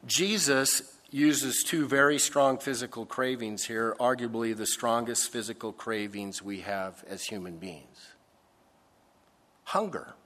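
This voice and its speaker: Slow emphatic preacher man, echoing hall. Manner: slow and emphatic, swinging from loud stresses to soft low asides. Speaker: pastor. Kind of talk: sermon.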